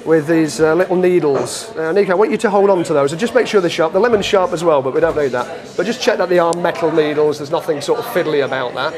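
A man's voice: a little high, fast, hardly any pauses, a crowd in the background. A British man performing street magic, talking bystanders through a trick with wry, self-deprecating jokes. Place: outdoors on a street. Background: music.

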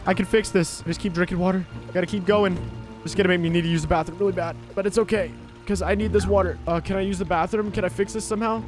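A man giving excitable let's play commentary, narrating his own moves in the first person with frequent exclamations. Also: high-pitched, fast, music in the background. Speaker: gaming video creator.

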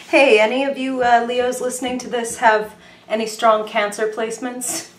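A young woman chatting casually and excitedly through a tarot reading, full of fillers and quick apologies. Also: on the high side, echoey room, a little hiss or hum. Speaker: tarot reader.

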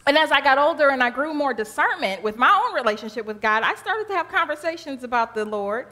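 Animated woman preacher with lively pitch. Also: fast. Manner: animated preaching, colloquial retelling, rhythmic repetition. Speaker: minister. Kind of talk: sermon. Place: church sanctuary. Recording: long church reverb.

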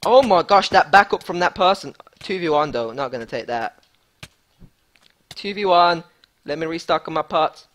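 A man giving excitable live gameplay commentary as a gaming YouTuber, hyped and repeating himself. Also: fairly high pitch, normal speed, long pauses.

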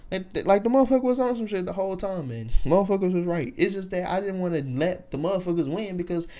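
Lively young man telling a profane story. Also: high voice, quick pace. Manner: profane, rambling with many fillers. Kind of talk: casual storytime vlog.

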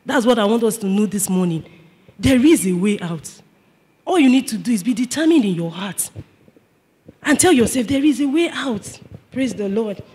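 A man's voice: high voice, expressive, moderate pace, pauses often, a little mellow, slightly rough. A male pastor preaching a sermon emphatically, repeating his points and calling on the congregation to respond. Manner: emphatic, repetitive, calls for response.

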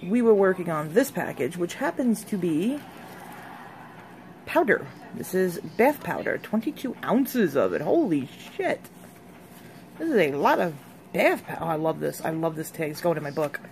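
A woman vlogger chatting casually through an unboxing, excitable and gushing over each product. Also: fairly low pitch, moderate pace, a little hiss or hum.

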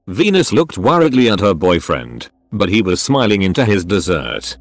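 A man's text-to-speech voice reading a story aloud, with a flat synthetic delivery for every part. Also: low-pitched, moderate pace, no echo, faint music behind. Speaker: narrator.

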